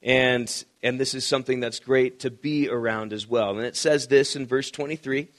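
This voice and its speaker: A man's voice: medium pitch, fairly even intonation, moderate pace, a bit bright. A male pastor preaching a sermon in a conversational, storytelling manner. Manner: conversational, storytelling with quoted voices.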